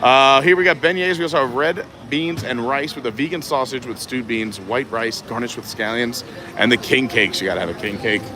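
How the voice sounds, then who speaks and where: A man's voice: mid-range voice, brisk, crowd noise. A man live-streaming a walk through a theme park festival, chatting casually and reading menu boards aloud. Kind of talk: casual walking commentary.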